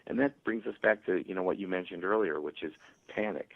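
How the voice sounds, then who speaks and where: A male author telling stories and acting out parents' voices in a radio interview, with a husky, gravelly voice. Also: deep voice, brisk. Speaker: author guest. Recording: tinny phone line.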